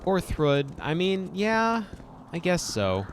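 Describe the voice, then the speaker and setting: A man's voice: high voice, very animated, slow pace, slight background noise. Wry man streaming a game. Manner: wry, muttering, reads quest text aloud. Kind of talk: casual gameplay commentary. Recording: game music behind.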